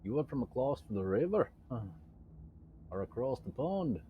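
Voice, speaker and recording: A man's voice: medium pitch, big pitch swings, normal speed, phone-quality sound, a little hiss or hum. A man streaming a video game, chatting casually in a playful, jokey way. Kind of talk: casual gaming commentary.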